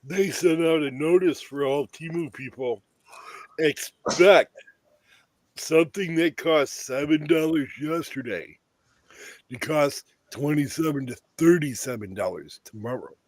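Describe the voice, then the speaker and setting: A man's voice: fairly high pitch, measured pace, darkish tone, no room sound. A man in casual political chat, indignant and swearing about prices and cuts. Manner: indignant, profane.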